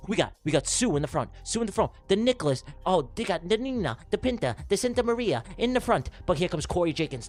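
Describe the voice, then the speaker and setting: A man hosting a livestream, calling comic races like an excitable sports commentator, jumping from mock-serious to shouting names. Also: high voice, quick pace, hardly any pauses, soft background music. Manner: excitable, jokey race-caller, shouting names. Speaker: livestream host running giveaway races.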